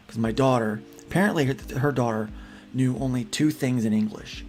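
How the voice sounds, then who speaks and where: A man's voice: medium pitch, a little fast, darkish tone, slight background noise. A man co-hosting a casual livestream podcast, talking earnestly and rambling with frequent restarts and repeated words. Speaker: podcast co-host.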